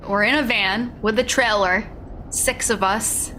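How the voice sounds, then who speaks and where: A woman's voice: medium pitch, fairly even intonation, measured pace, sharp tone, slight background noise. A woman animatedly telling a shared story with a friend, chiming in as they go. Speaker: storyteller guest, band member.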